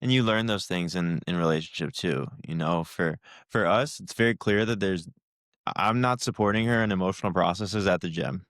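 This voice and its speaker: A man's voice: sits low, brisk, fairly bright tone, no echo, clean studio sound. A man co-hosting a podcast, talking in an earnest, reflective way and laughing at himself. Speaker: podcast co-host. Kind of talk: casual podcast conversation.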